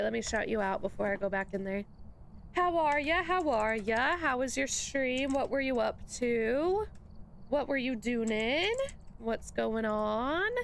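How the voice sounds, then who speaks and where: A woman's voice: high voice, fairly bright tone, slight background noise. A young woman streamer chatting casually to her viewers, rambling through a story, laughing often and greeting people in an upbeat voice. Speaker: live streamer. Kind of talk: casual live-stream chat.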